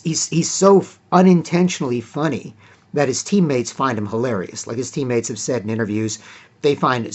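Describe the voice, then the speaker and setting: A man's voice: medium pitch, a little mellow. Rambling man talking basketball. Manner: rambling, frequent fillers and throat clearing. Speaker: sports commentator. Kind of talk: casual solo sports talk.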